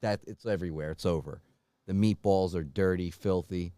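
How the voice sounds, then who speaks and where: Deadpan low-voiced man joking. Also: moderate pace, clean tone, no room sound, studio quality. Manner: deadpan storytelling breaking into mock wailing. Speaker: podcast co-host. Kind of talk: comic improvised bits.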